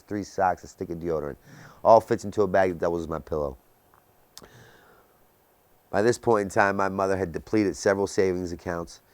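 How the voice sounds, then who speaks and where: A man in his thirties giving an intense personal testimony about his recovery, with sudden dramatic drops to a quiet voice. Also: low voice, no room sound. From Baltimore area, US. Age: 30s. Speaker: recovery speaker.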